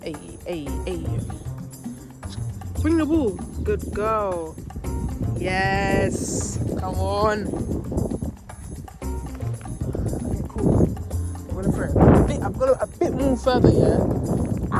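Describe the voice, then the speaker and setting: Walking her puppy in a park, a young London-accented woman chats casually in a slang-heavy vlog on a handheld phone, laughing nervously. Her medium-pitched voice is expressive and slow, with long pauses, and background music plays over it.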